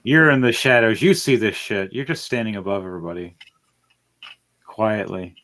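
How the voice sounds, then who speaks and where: A young man narrating a tabletop game as game master, swearing freely and excitedly restarting his sentences. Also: on the low side, normal speed.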